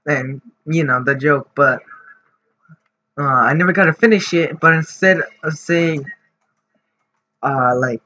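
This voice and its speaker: A man's voice: fairly high pitch, unhurried, bright, forceful tone. A man telling a story for his vlog in a casual, rambling way, full of fillers and restarts. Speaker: vlogger. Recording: dull lo-fi audio with faint noise.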